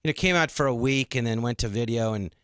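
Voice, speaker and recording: A middle-aged man, a comedian appearing as a guest on a radio interview, speaks at medium pitch and a fast clip. He tells casual stories animatedly, acting out other people's lines as he quotes them. His tone is clean and the recording is dry.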